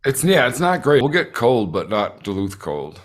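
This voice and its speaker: A middle-aged man hosting a casual podcast chat, asking relaxed, curious questions and swearing casually. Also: mid-range voice, moderate pace. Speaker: podcast host.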